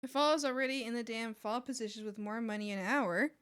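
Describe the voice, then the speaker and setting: Bubbly high-voiced woman streamer. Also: fast talker, fairly bright tone, clean tone, no room sound, clean studio sound. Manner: bubbly, gushing, swings into squeals and whispers. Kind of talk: casual chat while drawing.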